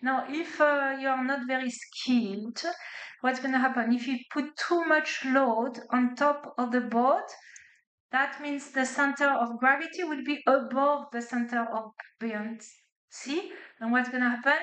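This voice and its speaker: A physics lecturer, a woman with a non-native English accent, explains her material step by step and keeps checking in with "okay?" and "right?" Her voice sits high and a bit bright, with fairly even intonation and an unhurried pace. The lecture hall is echoey.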